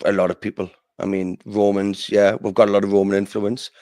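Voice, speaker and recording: A man's voice: fairly low pitch, little pitch movement, a little fast, a little mellow, no echo. A British man in a heated casual debate, combative and mocking, swearing freely. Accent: British English. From United Kingdom.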